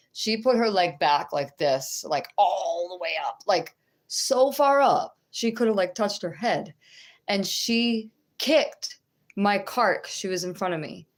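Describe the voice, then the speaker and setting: A middle-aged woman with a low voice teaches scripture and shares a testimony. She speaks slowly and conversationally, pausing and restarting, and keeps checking in with her listeners. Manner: halting, with restarts. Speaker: religious teacher.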